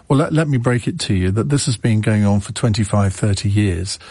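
Hesitant low-voiced male radio host. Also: fairly quick, darkish tone, slightly rough, no room sound. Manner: hesitant, many restarts and fillers. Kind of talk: casual radio phone-in chat. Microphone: studio microphone.

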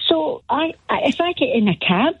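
A woman's voice: sits high, expressive, normal speed, dry recording. A woman with a Glasgow accent calling in to a radio phone-in, cheerful and laughing often. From Scotland. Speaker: caller. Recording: tinny phone line.

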